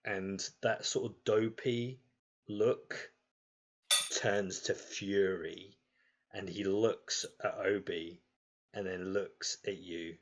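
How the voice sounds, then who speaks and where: Un maître de jeu britannique à la voix grave, qui raconte lentement avec beaucoup d'hésitations. Léger bruit de fond. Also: male voice, low-pitched, fairly even intonation, slow pace, dull audio, slight background noise. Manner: loose, filler-heavy narration. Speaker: game master. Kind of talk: narrating a tabletop game.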